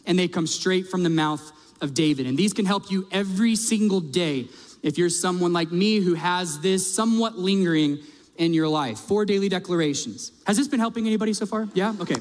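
High-voiced man preaching in a reverberant hall. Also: a little fast. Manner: conversational, emphatic preaching with direct questions to the audience. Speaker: pastor. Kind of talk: sermon. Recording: long reverb of a large hall.

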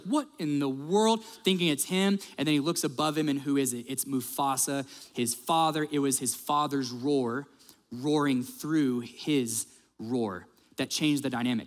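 Man preaching, fairly high voice, lively storyteller, long echo of a big hall. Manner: animated storyteller, acts out quotes. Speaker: pastor. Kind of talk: sermon.

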